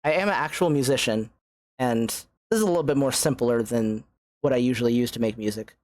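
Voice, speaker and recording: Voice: medium pitch, fairly quick, darkish tone, no echo. A young adult game streamer in casual let's-play chat, self-mocking, often stammering and swearing. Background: faint game music.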